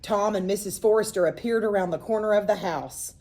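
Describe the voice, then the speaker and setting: A woman reading a children's novel aloud, expressive and playful, voicing the kids' dialogue. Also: medium pitch, fairly quick, few pauses. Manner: expressive storytelling, voices for the children. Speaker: reader.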